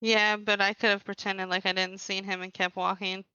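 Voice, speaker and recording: A woman playing a tabletop game, talking in a flat, matter-of-fact way. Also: medium pitch, moderate pace, clean tone, no room sound, muffled recording. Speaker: player.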